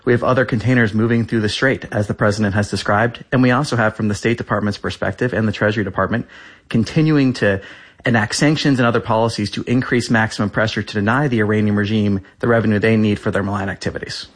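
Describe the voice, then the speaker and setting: A man's voice: lowish voice, steady tone, fast. A man in his thirties, a government spokesperson, answering interview questions with insistent, repeated talking points.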